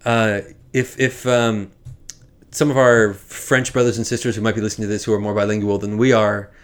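A man's voice: on the low side, level tone, brisk. Chatty male podcast host. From Quebec. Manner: chatty, self-correcting, with many restarts and asides. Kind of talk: casual chat recapping a film.

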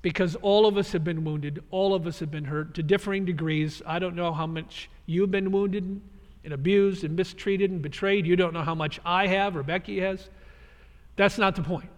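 A male pastor delivers an earnest, emphatic sermon. His voice sits high for a man. The sound carries the long, lingering reverb of a large hall. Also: steady tone, normal speed. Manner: earnest, emphatic expository preaching.

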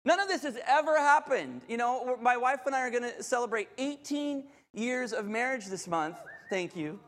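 A middle-aged pastor, preaching in a very high voice that rings through a large reverberant hall. He tells candid stories against himself, stumbling and restarting as he goes. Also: normal speed, slight background noise. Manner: candid, self-deprecating, animated storytelling with many restarts. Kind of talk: sermon with personal storytelling.

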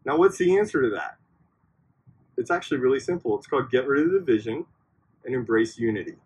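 A man's voice: medium pitch, lively intonation, fast, husky, poor audio. A man giving a casual, conversational sermon to a youth group, often checking in with his listeners by asking "right?". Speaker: youth minister. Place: church backyard outdoors.

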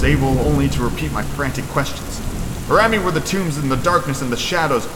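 A man hosting a podcast, giving a measured, ominous dramatic reading of a horror tale. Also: on the high side, expressive, noisy background. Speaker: podcast host and reader. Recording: echoey reverberant room with loud rain.

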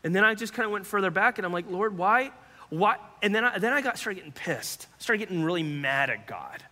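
A male pastor giving an earnest personal testimony sermon, halting and repeating words, sometimes dropping to hushed tones. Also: high-pitched, lively intonation. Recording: long hall reverb.

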